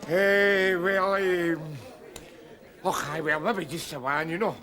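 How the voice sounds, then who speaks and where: A man's voice: high-pitched, fairly even intonation, takes it slowly, pushed and bright, some chatter behind. A middle-aged man with a Glaswegian accent, playing a rambling, self-pitying sitcom drunk. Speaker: sitcom character. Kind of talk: sitcom acting.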